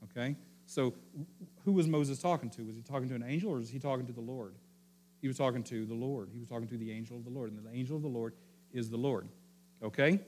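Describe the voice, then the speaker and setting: A pastor preaching a teaching sermon, repeating key phrases and often checking in with his listeners, sometimes dropping to a quiet low voice to stress a point. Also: fast talker.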